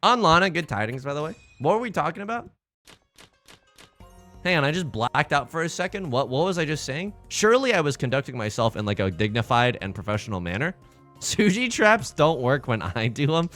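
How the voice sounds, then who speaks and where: A young man chats through a live game stream at a home desk mic, joking and mocking himself with theatrical flair. His voice is bright and forceful and swings widely in pitch. Soft music plays faintly behind him. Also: sing-song, brisk. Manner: jokey, theatrical and self-mocking.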